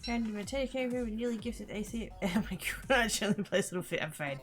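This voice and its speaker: Lively Australian woman streaming a game. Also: medium pitch, brisk. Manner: chatty, swears and mutters while playing. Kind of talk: casual gaming livestream chat. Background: game music.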